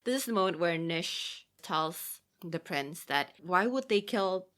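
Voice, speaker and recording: A young woman in casual conversation with a low-pitched voice that swings widely up and down. She talks animatedly, often laughing and acting out quotes as she co-hosts a film podcast. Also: expressive, measured pace, a bit bright. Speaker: podcast co-host.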